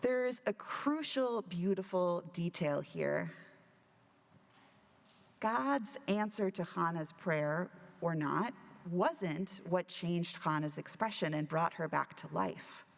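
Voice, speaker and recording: A woman minister giving a sermon, telling a story in a relaxed, conversational way with touches of humor. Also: lowish voice, takes it slowly, creaky. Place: church sanctuary. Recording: church hall with long reverb.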